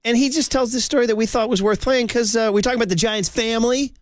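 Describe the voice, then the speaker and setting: A man's voice: very high-pitched, steady tone, fast, no echo. A man co-hosting sports radio, bantering casually and teasing his partner, laughing easily. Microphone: studio microphone. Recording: dry close studio sound.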